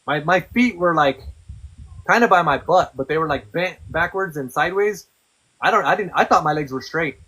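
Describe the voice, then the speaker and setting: Bright, candid man telling his story. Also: on the high side, animated, normal speed, husky, poor audio. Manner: profane, blunt, conversational. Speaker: podcast guest.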